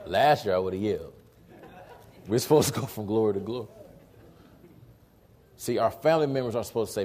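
A man in his forties with a somewhat low voice, preaching a lively sermon. He tells stories with energy and slips into acted-out dialogue. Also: fairly quick, long pauses. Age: 40s. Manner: animated storytelling, acts out dialogue. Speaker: pastor.

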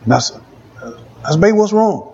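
A man's voice: sits high, expressive, fairly quick, creaky, warm tone, husky, lo-fi sound. A man preaching a testimony sermon, repeating phrases for emphasis.

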